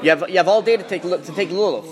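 A man teaches a Talmud class in a lively classroom manner. His voice sits a bit high, and he thinks aloud, stopping and restarting as he works through the text. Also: very fast, a crowd in the background. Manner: thinking aloud with restarts and Hebrew-Aramaic terms.

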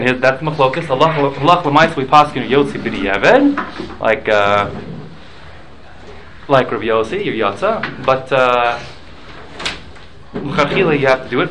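A man lectures a small Talmud class at an easy, conversational pitch. He halts, repeats words and restarts as he explains each rule with examples. A faint noise sits under the recording. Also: lively intonation, normal speed. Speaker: Torah class teacher.

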